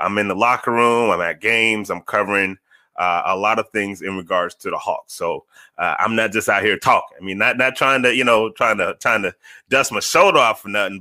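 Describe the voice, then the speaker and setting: Male podcast host, low and punchy, dry close sound. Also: no echo. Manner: animated, talks to chat viewers, repeats phrases for emphasis. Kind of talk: casual sports podcast talk.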